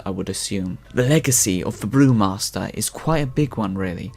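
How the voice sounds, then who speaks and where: A man's voice: mid-range voice, a little mellow. Man narrating a thoughtful commentary. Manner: thoughtful, opinionated, often hedging. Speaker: video essay narrator. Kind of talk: scripted commentary voice-over.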